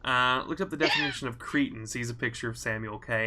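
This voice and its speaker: A man's voice: medium pitch, animated, fast talker, pushed and bright. A man from Southern Indiana hosting a let's play, chatting casually and rambling as he plays and reads chat. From Southern Indiana, USA. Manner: rambling, self-deprecating, reads chat aloud. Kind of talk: casual gameplay commentary.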